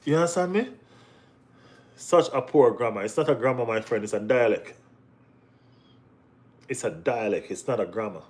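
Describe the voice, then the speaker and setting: A young man hosting a casual live football chat, often saying "you know what I mean" and jumping to high, excited exclamations. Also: normal speed, pauses often.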